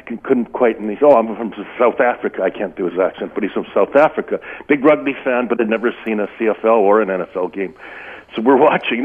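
A man in his fifties calling a sports radio show, telling a rambling, animated story. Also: fairly low pitch, husky. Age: 50s. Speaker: caller. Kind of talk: phone-in storytelling. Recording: tinny phone line.

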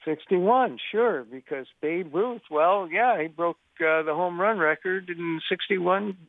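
Older guy spinning a sports story down a tinny phone line, gravelly voice, acts out all the quotes. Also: high-pitched, slow pace, no room sound. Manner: animated anecdotal storyteller, acts out quoted dialogue. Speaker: sports journalist guest. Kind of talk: radio interview storytelling.

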